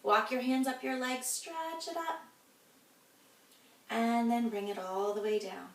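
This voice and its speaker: A woman with a high voice leads a children's yoga class, talking the kids through each pose in a cheerful, encouraging way. She sounds set back from the mic, and her voice rings around an echoey room. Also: a little slow, far from the mic. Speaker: kids' yoga instructor.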